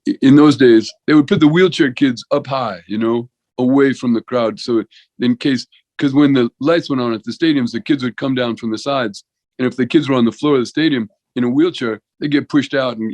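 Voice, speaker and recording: A man's voice: mid-range voice, a little mellow, no room sound, low-quality recording. A man in his sixties, a veterinarian and comedian, telling rambling stories as a podcast guest, with lots of restarts and "you know". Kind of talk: rambling conversational storytelling.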